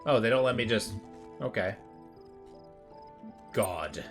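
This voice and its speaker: A man's voice: on the low side, lively intonation, slow pace, faint music behind. A man streaming a puzzle game, commenting casually and reading the on-screen text aloud with offhand remarks.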